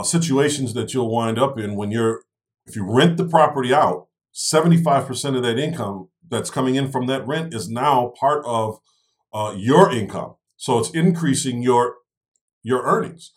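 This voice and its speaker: A man's voice: medium pitch, normal speed. A man co-hosting a casual discussion, walking through real estate investing step by step and checking in with "right?" and "okay?". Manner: explanatory, tags points with "right?" and "okay?".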